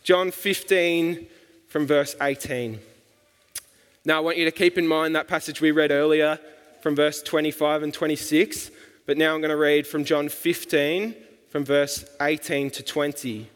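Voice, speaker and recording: Male preacher, unhurried and chatty delivery, slightly raised pitch, echoing church hall. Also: clear, resonant tone. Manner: relaxed, colloquial storytelling with asides. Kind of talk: sermon. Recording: long hall reverb.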